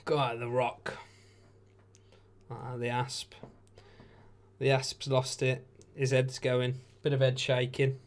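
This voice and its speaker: A man's voice: mid-range voice, completely flat delivery, takes it slowly, pauses often. A tired man hosting a live watch-along stream, giving laid-back, chatty commentary with jokey asides. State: tired, yawning. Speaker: stream host.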